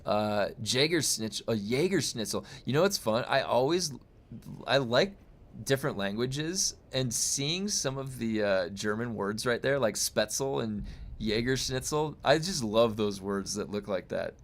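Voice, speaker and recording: A man's voice: mid-range voice, expressive, unhurried. A young adult man streaming, chatting casually with viewers in a rambling way full of fillers and restarts. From United States. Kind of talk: casual chat reading viewer comments.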